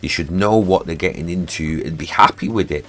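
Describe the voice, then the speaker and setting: A man's voice: deep voice, fairly quick, fairly bright tone. A man, streaming live from his home studio and ranting in a heated, sweary way that keeps repeating itself. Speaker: music producer streaming live. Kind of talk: casual livestream rant.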